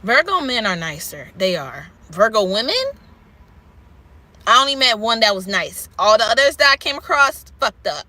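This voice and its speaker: A woman's voice: on the high side, very animated, moderate pace, bright, forceful tone. A woman vlogger ranting candidly and rambling to camera, swearing freely. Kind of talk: unscripted rant to camera.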